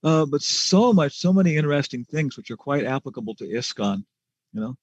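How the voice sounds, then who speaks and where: A man's voice: mid-range voice, expressive, a little fast, no room sound, lo-fi sound. A man giving a scripture class lecture, telling stories in a chatty way with restarts and chuckles. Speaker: spiritual teacher.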